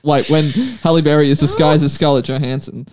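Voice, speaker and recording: A man co-hosting an improvised comedy chat, playfully pitching silly ideas. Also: level tone, a little fast, a crowd in the background. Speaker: podcast co-host.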